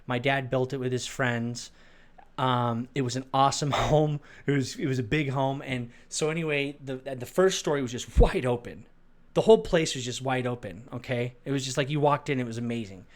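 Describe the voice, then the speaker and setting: Middle-aged man, Arizona-raised, halting testimony, mid-pitched everyday voice. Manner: rambling, halting, with restarts and fillers. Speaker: storyteller. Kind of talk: personal testimony.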